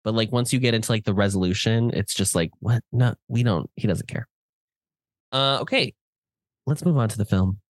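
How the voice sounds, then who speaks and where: A man co-hosting a film podcast in casual chat, wry and teasing with quick asides. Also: lowish voice, expressive, no echo, clean studio sound. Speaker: podcast co-host.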